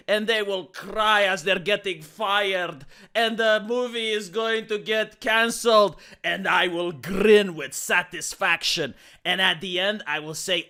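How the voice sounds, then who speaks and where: A man's voice: high voice, unhurried, vocal fry, hardly any pauses, bright, forceful tone. A man ranting sarcastically in a commentary vlog, slipping into theatrical, mock-grandiose declarations. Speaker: YouTube commentator.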